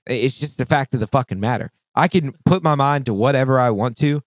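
A man co-hosting a podcast in casual chat, animated and profane, often jumping into mock voices. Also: moderate pace, no room sound. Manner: animated, swearing, mimics voices with big pitch jumps. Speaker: podcast co-host.

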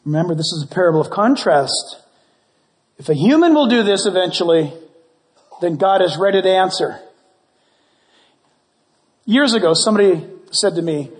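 A pastor preaching a sermon, playful and animated, acting out prayers and little dialogues. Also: male voice, high voice, normal speed, long pauses. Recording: long hall reverb.

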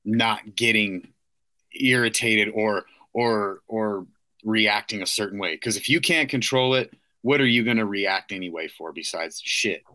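A man's voice: fairly low pitch, unhurried, bright, forceful tone, no echo. A man co-hosting a casual podcast, talking in a profane way and often asking "you know what I mean". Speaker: co-host. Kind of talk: casual chat.

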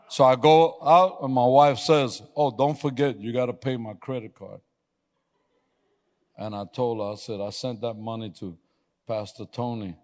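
A man's voice: medium pitch, steady tone, moderate pace. Preaching man in a reverberant hall. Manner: storytelling with laughs, rising to loud exhortation. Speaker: pastor. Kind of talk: sermon.

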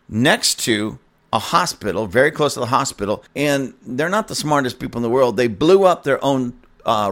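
A man at a middle pitch gives casual commentary as a pastor. He talks emphatically and repeats himself for effect. Scornful laughs break into his delivery. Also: fairly bright tone. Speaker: church pastor giving commentary.

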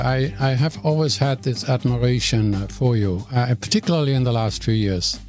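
An older man from Germany with a German accent, telling stories about his past as an interview guest in an animated, joking way. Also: mid-range voice, no echo. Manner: animated storyteller, jokey, self-deprecating. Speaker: guest, radio regular. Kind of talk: interview storytelling.

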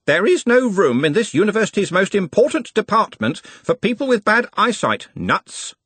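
A stern, self-important older servant who puffs himself up above his station, as a male reader puts him on. The voice is pitched above the reader's own, with a husky texture. It is recorded dry and close. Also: very animated, normal speed, fairly bright tone, no room sound, exaggerated voice. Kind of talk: audiobook character voice.

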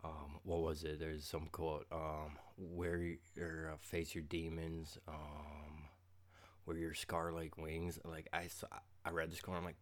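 A man in a casual monologue, ranting with profanity and sarcasm, quiet at first and then growing loud and heated. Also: rumbling low, completely flat delivery, takes it slowly.

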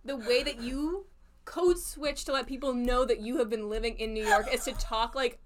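A young woman from Virginia co-hosting a podcast, in casual chat with quick teasing comebacks. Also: a little high, a little hiss or hum. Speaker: podcast co-host.

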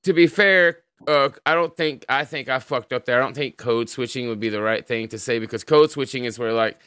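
A man's voice: medium pitch, a little fast, fairly bright tone, clear, resonant tone, no echo, clean studio sound. A man with an American accent hosting a livestream in casual chat, laid-back and swearing freely as he greets viewers. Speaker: livestream host.

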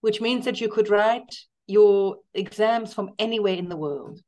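A middle-aged woman is a guest in a relaxed interview. She tells long, enthusiastic stories and leans on key words for emphasis. Her voice sits at an ordinary middle pitch. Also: unhurried. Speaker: guest, cookbook author. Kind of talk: casual interview chat.

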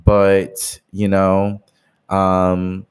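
Deep-voiced young man chatting loosely. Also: completely flat delivery, very slow, clear, resonant tone. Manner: rambling, heavy use of "like". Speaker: podcast co-host. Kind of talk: casual chat.

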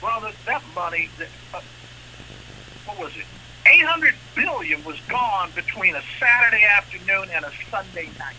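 A man co-hosting a radio talk show, speaking with an impassioned manner that climbs into animated outrage. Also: sits high, normal speed, a little hiss or hum, rough recording.

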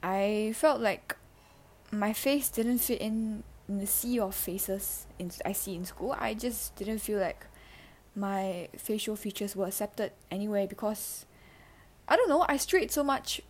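Teen girl, podcast host. Mid-range voice, halting and emotional confessional delivery with lots of fillers. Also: medium pitch, a little mellow, a little hiss or hum. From Singapore. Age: teens. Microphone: handheld mic.

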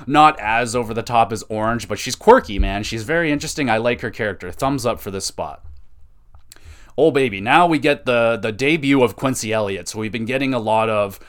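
A young man talks through wrestling matches in a loose, excitable way, cursing often and gushing over what he likes. His voice comes through smooth and clear, at a middling pitch. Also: brisk. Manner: excitable, profane, enthusiastic. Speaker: podcast host reviewing wrestling. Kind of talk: casual review chat.

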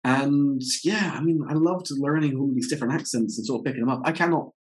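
A man who teaches English, hosting a casual interview and telling lively stories in which he quotes himself. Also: medium pitch, fast, poor audio. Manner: animated storyteller, quotes himself in reported speech.

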